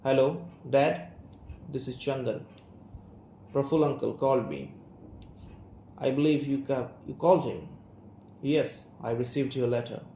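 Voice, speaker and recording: Male student reading a guarded estranged son, Indian English accent, slow and gravelly, echoey room with a faint hiss. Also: mid-range voice, dark tone, lightly acted. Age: young adult. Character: young man, guarded, estranged son and writer. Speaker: student reader. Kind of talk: reading an audio play aloud.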